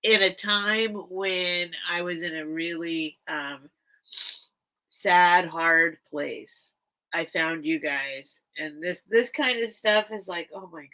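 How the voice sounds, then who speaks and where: A woman's voice: lowish voice, slow, bright, forceful tone, rough recording. A woman hosting a live vintage sale stream, chatting casually and emotionally with her viewers while tearful. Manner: rambling and emotional, talks straight to her viewers. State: teary.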